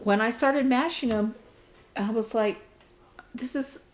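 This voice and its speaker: With a slightly high voice at a measured pace, this middle-aged crafting podcast co-host meanders through her stories, hesitating, using fillers and laughing along the way. It's a casual chat captured on a low-quality recording.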